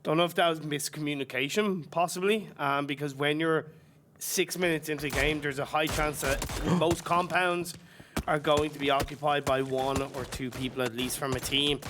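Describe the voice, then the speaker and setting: A man's voice: a little high, fairly even intonation, normal speed, noisy background. A man giving colour commentary on an esports match, talking through team tactics in a chatty, analytical way with plenty of fillers. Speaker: esports co-caster.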